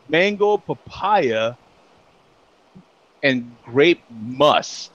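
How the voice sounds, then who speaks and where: A man's voice: a little high, very animated, a little slow, a bit bright, dull audio. A man hosting a casual beer chat show, laughing often and joking as he reads out tasting notes. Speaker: podcast host.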